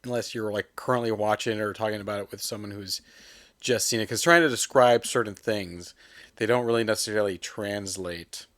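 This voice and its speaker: A man with a lowish voice, chatting casually on a podcast. He rambles and keeps restarting his sentences. The sound is dry and close. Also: fairly even intonation, fairly quick, a bit bright, no room sound. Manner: rambling, many restarts and fillers. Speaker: podcast co-host. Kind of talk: casual chat about movies.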